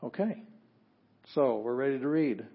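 A man teaching a language class, explaining patiently with frequent pauses and fillers. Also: mid-range voice, vocal fry, breathy edge, narrow, tinny audio. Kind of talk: classroom lecture.

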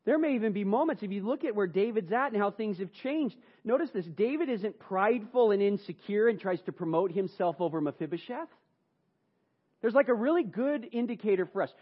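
A man preaching a sermon, telling the story dramatically and moving between hushed and raised passages. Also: high voice, expressive, a little fast, breathy edge, highs cut off. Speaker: pastor.

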